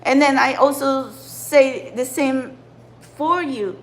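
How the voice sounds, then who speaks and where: High-voiced woman ranting. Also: slow pace, poor audio. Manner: ranting, frustrated, swears often. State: upset. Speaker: spiritual channeler and tarot reader. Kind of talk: impassioned livestream monologue.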